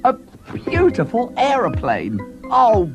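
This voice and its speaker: A man voicing a cheerful, excitable young male pig in a cartoon, bubbly and giggly, full of exclamations. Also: very high voice, slow, full character voice. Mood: excited. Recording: dull VHS tape with loud music.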